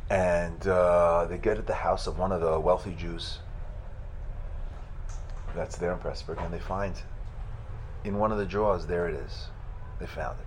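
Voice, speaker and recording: A man, a rabbi, telling a religious story in a sermon, halting and restarting at times. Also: low voice, fairly even intonation, slight background noise, low-quality recording. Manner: halting retelling with restarts, rising to loud fervent chanting at the end.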